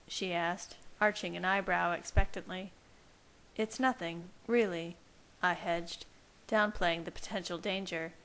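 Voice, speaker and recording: Brief: woman amateur audiobook reader, steady first-person narration. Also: medium pitch, vocal fry. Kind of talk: fan-fiction reading.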